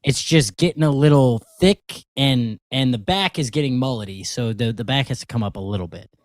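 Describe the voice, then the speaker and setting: A man's voice: medium pitch, a little fast, no echo, studio quality. A man co-hosting a podcast, telling a story in casual chat with frequent laughs. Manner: animated storytelling, laughs often. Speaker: podcast co-host.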